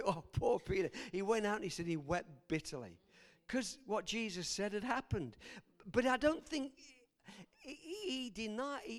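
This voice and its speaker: A male preacher with a high, lively voice that leaps up and down as he preaches. He laughs between lines and swings from loud exclamations to hushed, quiet passages. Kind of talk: sermon.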